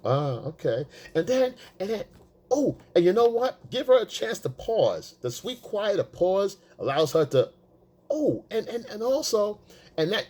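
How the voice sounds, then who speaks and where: A man giving casual, profane dating advice, emphatic and blunt, acting out quotes in a high voice. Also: darkish tone. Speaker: dating coach. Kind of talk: casual coaching monologue.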